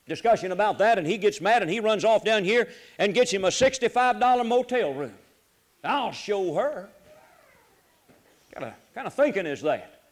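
A man preaching a folksy sermon, swinging between loud urging and low, quiet asides. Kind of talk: sermon on marriage.

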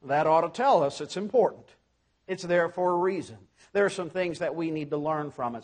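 This sermon comes from a man whose voice sits high; as a preacher, he stresses his arguments and repeatedly addresses the audience with rhetorical questions.

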